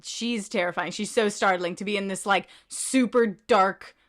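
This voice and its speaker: Woman podcast co-host; casual, animated delivery with lots of emphasis; mid-range voice. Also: mid-range voice, moderate pace. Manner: animated and emphatic, laughs often. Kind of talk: casual chat.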